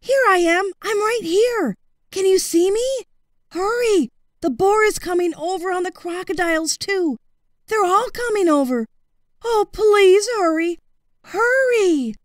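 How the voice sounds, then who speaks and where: Woman doing a storybook dragon, frantic, pleading, high and swooping, dry close sound. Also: expressive, measured pace, no room sound.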